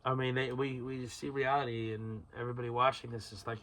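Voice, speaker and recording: A man's voice: medium pitch, flat delivery, fairly quick, fairly bright tone. A man hosting a solo podcast, rambling through tangents, swearing freely and laughing at himself. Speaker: podcast host.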